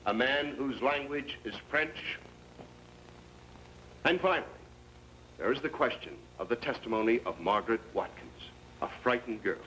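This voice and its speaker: An actor playing a confident defense lawyer making his closing argument, with measured, rhetorical questions. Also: on the low side, a bit bright, a little hiss or hum, rough recording. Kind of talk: 1960s TV courtroom drama.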